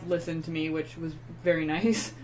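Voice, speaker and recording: A woman co-hosting a casual chat show, telling stories and getting loud as she acts out her anger. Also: low-pitched, moderate pace, a little hiss or hum, rough recording. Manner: animated storyteller, gets loud acting out her anger. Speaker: podcast co-host.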